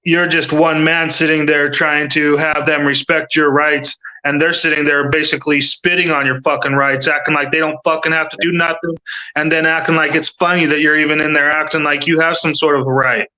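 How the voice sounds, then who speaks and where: A man with a fairly high, very bright and forceful voice rants on a video-call livestream. He rambles, stacks filler words and swears freely in loose casual chat. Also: flat delivery, brisk, rough recording. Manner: rambling, profane, many fillers. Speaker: panel commentator.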